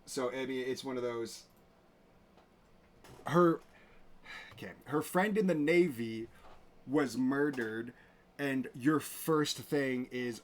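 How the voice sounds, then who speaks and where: A man's voice: medium pitch, takes it slowly, pauses often. A man hosting his own show, talking in a rambling, indignant way with many restarts. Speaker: show host. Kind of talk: casual commentary.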